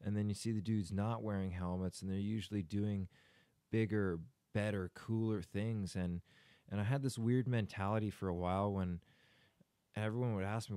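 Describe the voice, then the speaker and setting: A young man as a podcast guest in casual chat, speaking candidly and reflectively, sometimes halting. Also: on the low side, fairly even intonation, mellow, clean tone.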